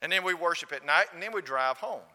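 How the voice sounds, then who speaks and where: A man's voice: fairly high pitch, expressive, fast talker, pushed and bright. A man voicing a boastful, insistent male churchgoer from a small northern congregation. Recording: long hall reverb.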